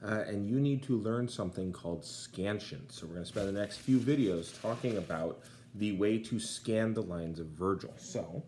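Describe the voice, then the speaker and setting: A man's voice: on the low side, dark tone. A man teaching a casual video lesson, often checking in with the class as he explains. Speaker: Latin teacher. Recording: echoey room, faint background noise.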